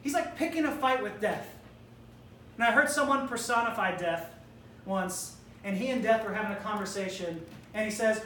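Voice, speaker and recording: A woman's voice: mid-range voice, expressive, normal speed, a bit bright, a little hiss or hum. A woman preacher delivering an emphatic, rhetorical sermon in which she challenges death directly. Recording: roomy hall, distant mic, faint ambience.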